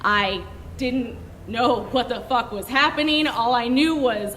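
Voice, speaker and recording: A young woman tells a story on a stage, her voice high and bright, with a brash, profane, animated delivery. The sound carries a long hall reverb, with a faint hum of noise behind it. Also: measured pace.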